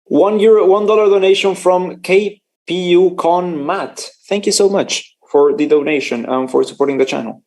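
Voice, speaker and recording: A man's voice: high voice, normal speed, hardly any pauses, a little mellow. A man casually commenting on a live race for his stream, chatty and joking, laughing often and stumbling over his words.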